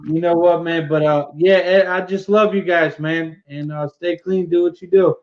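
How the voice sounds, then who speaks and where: Brief: male livestream guest, monotone, fillers and "man" everywhere, muffled lo-fi sound. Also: a little high, normal speed. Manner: filler-heavy, keeps saying "man". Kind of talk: casual livestream chat. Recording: dull lo-fi stream audio.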